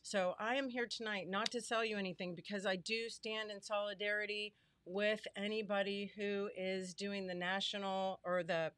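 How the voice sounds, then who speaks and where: A woman's voice: medium pitch, level tone, normal speed, few pauses, a bit bright, clear, resonant tone. A middle-aged woman hosting a live stream from her home studio, greeting viewers by name in a chatty, heartfelt way. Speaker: livestream host and small business owner. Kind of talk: casual live stream chat.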